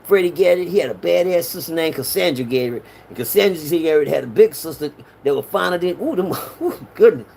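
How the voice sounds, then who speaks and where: A middle-aged man, telling a street story in an animated way and raising his voice to act out quotes. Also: brisk, vocal fry, a little hiss or hum. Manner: animated, acts out quotes with raised pitch.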